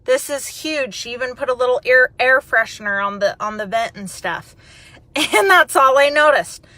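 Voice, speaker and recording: A woman telling a personal story in a chatty, animated way, then turning it into an encouraging message. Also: sits high, normal speed, dry recording. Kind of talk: personal storytelling and motivational talk.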